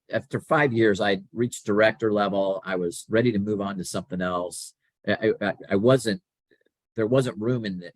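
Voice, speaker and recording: A man's voice: low-pitched, dry recording. A middle-aged man as a podcast guest, telling stories about his career in a casual way and acting out bits of dialogue. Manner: animated, acts out quoted dialogue. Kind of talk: conversational storytelling.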